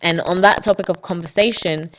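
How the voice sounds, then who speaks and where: A woman with a low voice hosts a solo podcast, explaining ideas step by step as if giving a talk. She drops dry, ironic asides along the way. Faint noise sits under her voice. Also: fairly quick, rough recording. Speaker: podcast host.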